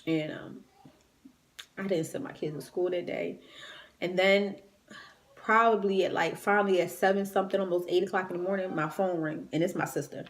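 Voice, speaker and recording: A woman's voice: lowish voice, fairly even intonation, normal speed. A woman retelling a personal story in a raw, emotional, conversational way, grieving and near tears. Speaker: vlogger.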